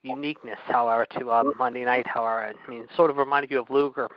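A man from the Pittsburgh area rattles off wrestling memories at a quick clip, leaning on "I mean" and "however". His voice is dry and close, with dull, lo-fi sound. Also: medium pitch, steady tone, dry recording. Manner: rambling, leans on "however" and "I mean". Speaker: podcast co-host. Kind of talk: casual wrestling chat.

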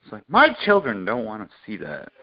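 Low-voiced man chiming in bluntly on a podcast, muffled sound. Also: huge pitch swings, no echo. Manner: blunt, profane, quick to laugh along. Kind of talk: casual crude chat.

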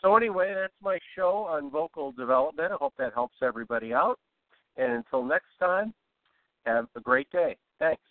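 A man's voice: a little high, normal speed. A man coaching listeners on their voice in a loose, rambling way, full of ums and restarts. His voice comes through thin and phone-like, with a dry, close sound and no room echo. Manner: relaxed, rambling, with many fillers and restarts. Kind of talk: informal spoken lesson.

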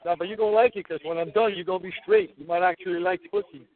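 A man's voice: sits high, steady tone, rapid-fire. A man goading another with crude, taunting trash talk. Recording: tinny phone-like line.

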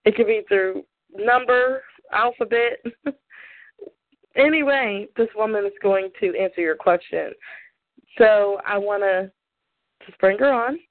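A woman with a Southern US accent hosting a call-in radio show, chatty and bubbly, laughing often. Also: medium pitch. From American South. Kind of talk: casual call-in radio chat. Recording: tinny phone line.

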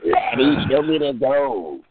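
A man putting on a mock Irish accent as a gruff fellow demanding a leprechaun's pot of gold. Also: medium pitch, very animated, measured pace, pitched below the performer's own voice. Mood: greedy. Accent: put-on Irish. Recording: tinny phone line, distant.

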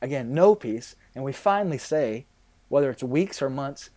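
A man's voice: medium pitch, expressive, normal speed, warm tone. A man in his thirties, a pastor, talking candidly in a casual interview, rambling a little with fillers.

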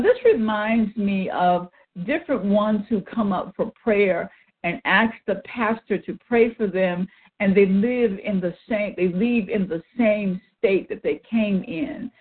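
Woman teaching Bible study over a phone line. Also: mid-range voice. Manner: reads scripture in old wording, then explains it earnestly.

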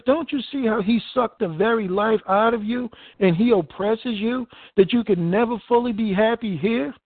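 Fervent high-voiced male preacher, tinny sound. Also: no room sound. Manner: fervent, emphatic preaching, reading scripture aloud. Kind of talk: sermon with scripture reading. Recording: tinny phone-like dry recording.

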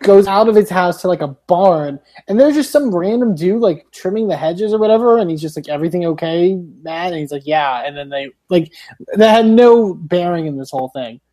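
A man's voice: high voice, lively intonation, normal speed, dark tone. A man co-hosting a podcast, recapping with sarcastic, profane remarks in casual chat. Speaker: podcast co-host.

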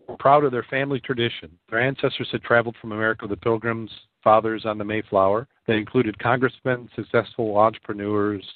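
A man's voice: lowish voice, fairly even intonation, fast, no room sound, narrow, tinny audio. A man co-hosting a podcast, reading a joke aloud in casual chat, laughing often and stumbling over repeated words. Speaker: podcast co-host.

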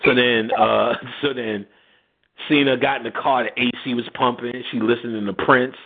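Heard over phone-line audio, a man with a husky, medium-pitched voice talks at a normal speed as he hosts a radio show. His casual chat turns into an animated, profane story, full of laughter, in which he voices each character's quotes.

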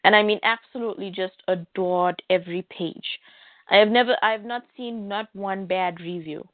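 A woman's voice: medium pitch, moderate pace, no echo. A woman co-hosting a casual chat about comics, rambling and frank with many fillers. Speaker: podcast co-host. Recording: dry, tinny phone-like line.

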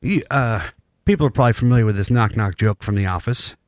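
A man's voice: on the low side, lively intonation, quick pace, dry recording, clean studio sound. A man in his thirties hosting a podcast, telling a long story with crude jokes in casual chat. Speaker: podcast host.

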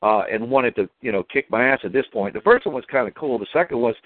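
A man calls in to a talk show and spins a lively story, pitched at an ordinary male level. He keeps acting out the back-and-forth himself. The sound is a dry, tinny phone line. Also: fast talker, no room sound. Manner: animated, retells his own dialogue. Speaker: caller. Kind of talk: call-in storytelling.

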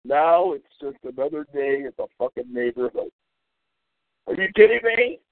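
A man's voice: fairly high pitch, sing-song, normal speed, no room sound. A man hosting a call-in radio show, delivering an angry, profane, mocking rant. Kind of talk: ranting call-in radio monologue. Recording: tinny phone-like audio.

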